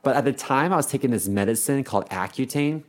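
A man's voice: medium pitch, expressive, fast talker. A man in an everyday middle register spins frank, rambling stories on a casual podcast. He leans on fillers and restarts as he talks. His tone stays loose and conversational throughout. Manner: candid, rambling storyteller with many fillers. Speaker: podcast co-host.

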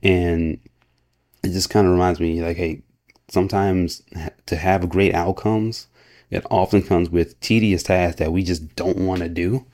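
Deep, mellow-voiced motivational podcast man. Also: steady tone, measured pace. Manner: earnest, motivational, laughs often, many restarts. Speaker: podcast host. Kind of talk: casual solo podcast talk.

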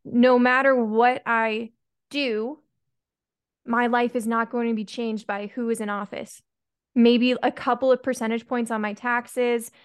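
A woman's voice: on the high side, flat delivery, unhurried, clear, resonant tone. A woman hosting a podcast interview, reflecting in a casual way and asking her guest open questions. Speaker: podcast host.

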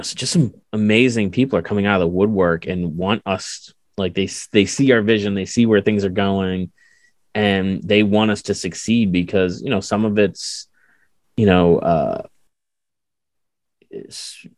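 A man with a very low voice hosts a casual interview. He rambles with fillers and restarts. The recording is dry and close. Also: moderate pace, dry recording. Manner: rambling, filler-heavy speech.

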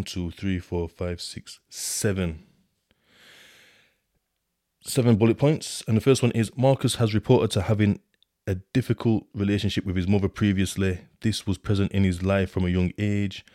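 A man's voice: a little mellow, no echo, clean studio sound. A man, talking through his prison experiences in a rambling, casual monologue full of slang and fillers, now and then reading from a report. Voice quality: deep voice. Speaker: podcast host telling his prison experiences.

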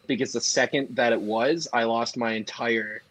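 A young man co-hosting a casual podcast chat, animated and quick to jump in. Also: medium pitch, no room sound, low-quality recording. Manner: animated, jumps in and interrupts. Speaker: podcast co-host.

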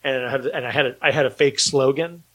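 A man's voice: medium pitch, fairly even intonation, fast talker, fairly bright tone, rough recording. A man speaking as an independent filmmaker guest in a casual podcast conversation, rambling with many fillers and a dry, sarcastic humor.

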